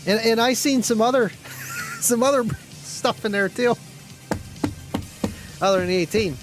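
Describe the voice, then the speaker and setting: A man with a noticeably high-pitched voice hosts a casual live stream in a rambling, chatty way. He reads viewer comments aloud and keeps clearing his throat. Faint music plays under his talk. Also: unhurried, pauses often, low-quality recording.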